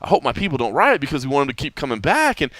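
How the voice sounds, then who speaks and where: Man, podcast host, bright tense voice, dry close sound, animated casual chat, lots of restarts. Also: mid-range voice, racing, no room sound. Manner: animated storytelling with many restarts.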